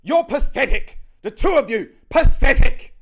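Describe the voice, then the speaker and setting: A shrieking, enraged policewoman barking orders at the top of her lungs, her voice soaring far above a man's natural range, as a man puts her on. She stays high, strained and loud. The delivery swings wildly in pitch as she hollers. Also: expressive, measured pace, vocal fry, heavily acted. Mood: furious shouting. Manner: shrieking, shouting commands. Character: furious shrieking female police constable.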